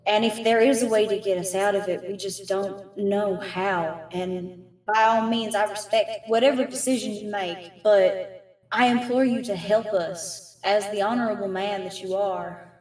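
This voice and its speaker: A woman playing a tearful mushroom woman, pleading slowly. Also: mid-range voice, steady tone, a little mellow, reverberant, recorded from a distance, natural voice, rough recording. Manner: slow, earnest, formal pleading. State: crying.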